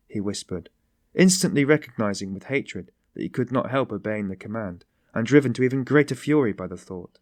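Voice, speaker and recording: A man narrating an audiobook in a measured, even reading. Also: fairly low pitch, no room sound, studio quality. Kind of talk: scripted narration.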